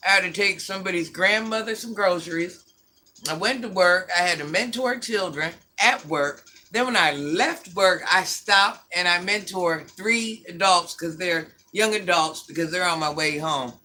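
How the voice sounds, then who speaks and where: Older woman, livestream host, sassy, scolding, bright forceful voice. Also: on the low side, normal speed. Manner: sassy, scolding, blunt talk-back. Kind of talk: casual livestream chat, answering viewer comments.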